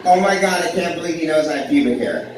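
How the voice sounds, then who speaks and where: A man's voice: fairly high pitch, expressive, fast talker, background noise. Rambling man doing stand-up in an echoey club. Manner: rambling, self-deprecating, many fillers and restarts. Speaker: stand-up comedian. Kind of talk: live stand-up with crowd work. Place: small club with live audience. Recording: echoey, distant live club recording.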